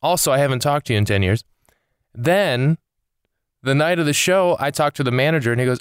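A young comedian podcast host delivers a loose, rambling comic monologue into a close mic, swinging between exasperated, sweary ranting and easygoing asides. His smooth, resonant voice is medium-pitched and a little fast, on a dry recording with no room sound.

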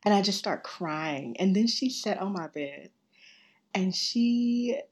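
A woman telling a personal story as a guest, lively and laughing often, acting out what others said. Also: medium pitch, takes it slowly, slightly rough. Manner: animated, laughs often, acts out quoted voices. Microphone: remote call.

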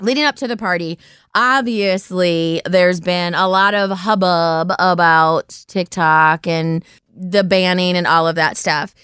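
A woman's voice: lowish voice, fairly even intonation, unhurried, a bit bright, clear, resonant tone, no echo, studio quality. A woman in her forties hosting a podcast, telling stories in a casual chat and laughing often. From United States. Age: 40s. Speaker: podcast host.

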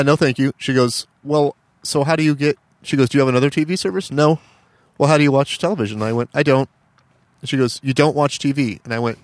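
A man's voice: medium pitch, no room sound. A man co-hosting a podcast, casually telling a story and acting out both sides of a phone call. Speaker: podcast co-host.

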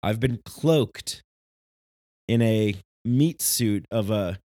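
A man's voice: on the low side, very slow, dark tone, no room sound, clean studio sound. A man from New who talks in a passionate, rambling way, with many restarts in a casual spiritual monologue. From New York.

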